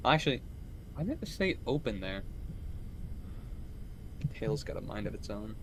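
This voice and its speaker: A man's voice: fairly low pitch, very animated, normal speed, noisy background. A young man chatting casually during a game stream, rambling, swearing and laughing often. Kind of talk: casual gaming stream chat.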